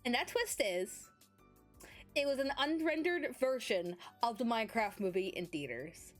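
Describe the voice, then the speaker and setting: A woman's voice: on the high side, lively intonation, a little slow, faint music behind. A young woman streamer chatting casually, rambling and giggly with lots of fillers, sleepy and yawning. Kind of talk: casual chat.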